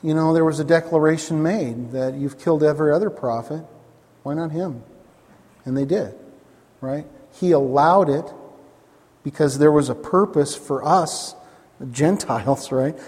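Man, preacher, slightly high voice, emphatic sermon delivery with repeated lines and questions to the congregation, long hall reverb. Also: moderate pace, a little mellow. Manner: emphatic, repeats key phrases, asks the listeners questions.

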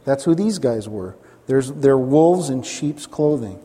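A man's voice: medium pitch, expressive, a little slow, warm tone, big-room sound. A man preaching a sermon as pastor, emphatic, repeating his lines and asking the congregation questions.

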